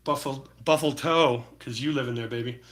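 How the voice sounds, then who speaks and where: Bright-voiced laid-back streaming painter man. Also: mid-range voice, fast. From Utah. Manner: laid-back, slangy, talks to chat. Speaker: livestreaming painter. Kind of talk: casual live-stream chat while painting.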